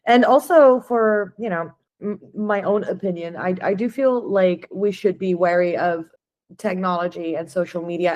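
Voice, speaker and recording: A woman's voice: lowish voice, a little mellow. A woman hosting a podcast, asking curious, conversational questions of her guest. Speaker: podcast host. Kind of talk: casual interview chat.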